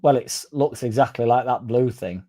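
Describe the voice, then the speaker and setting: A man's voice: medium pitch, normal speed, dark tone. Rambling, self-deprecating man. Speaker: podcast co-host. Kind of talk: casual chat.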